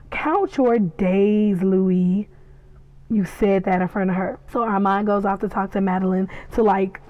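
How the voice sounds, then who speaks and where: A woman giving a casual, excitable recap and reaction, chatty and acting out the scenes as she tells them. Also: medium pitch, dry recording, narrow, tinny audio. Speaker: podcast reviewer.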